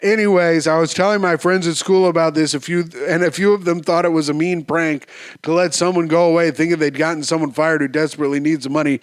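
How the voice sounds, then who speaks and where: A man in his thirties hosting a solo podcast, riffing on listener stories in an animated, profane way with sudden sing-song jumps, his voice going a bit hoarse. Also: a little high, quick pace, no echo, studio quality. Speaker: podcast host.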